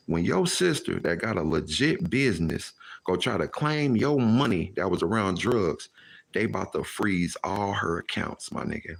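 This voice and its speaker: Low-voiced man telling a street story. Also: normal speed, gravelly, husky. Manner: animated, acts out quoted voices, heavy slang. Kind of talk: casual storytelling.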